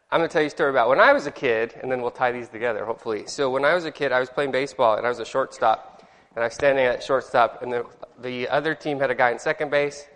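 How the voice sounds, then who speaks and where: A man's voice: medium pitch, a bit bright. A man leading an informal Bible study lesson, chatty and rambling, quizzing his class and correcting himself as he goes. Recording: reverberant hall with long echo.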